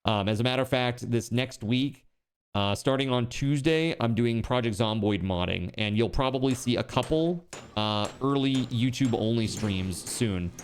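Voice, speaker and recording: A man's voice: mid-range voice, normal speed, smooth. A man streaming a game live, chatting with viewers and yelping and laughing at the action on screen. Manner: excitable, yelps and laughs at the game. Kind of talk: live gaming stream chat.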